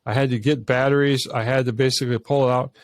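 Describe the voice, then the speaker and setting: A man's voice: mid-range voice, fairly even intonation, fast talker, no room sound. A man, a filmmaker guest on an interview podcast, telling stories earnestly with many restarts and false starts. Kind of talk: conversational storytelling.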